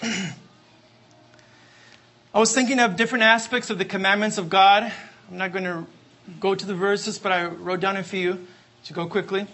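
A man's voice: high voice, fairly even intonation, normal speed, long pauses, sharp tone. A man preaching a sermon, emphatic and repetitive, asking for amens. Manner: emphatic, repeats refrains, asks the congregation for amens.

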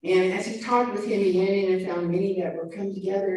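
A woman's voice: medium pitch, brisk, few pauses. Preaching woman in an echoey room. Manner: animated, shifting loud and soft emphasis. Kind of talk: sermon. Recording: echoey room, mic far off.

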